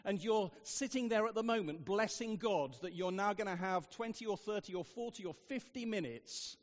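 A man's voice: high-pitched, normal speed, big-room sound. A man preaching a sermon, telling funny stories with dry asides, in a church. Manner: humorous storytelling, dry asides.

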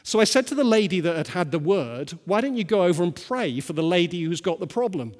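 A man's voice: sits high, big pitch swings, a little fast, a little mellow. A male pastor preaching a sermon and telling stories, often asking the listeners rhetorical questions. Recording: long hall reverb.

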